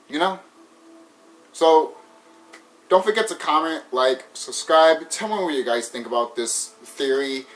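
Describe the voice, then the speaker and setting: Slightly high-voiced man rambling. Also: normal speed, poor audio. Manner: rambling, hesitant, many fillers and restarts. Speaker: gaming video creator. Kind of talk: casual video outro talk.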